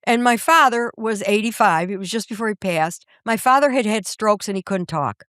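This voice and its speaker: An older woman, an author and comedian, telling stories as a podcast guest in an animated, comic way and acting out the voices. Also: medium pitch, normal speed, dry recording, studio quality. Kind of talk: storytelling in a podcast interview. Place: podcast studio.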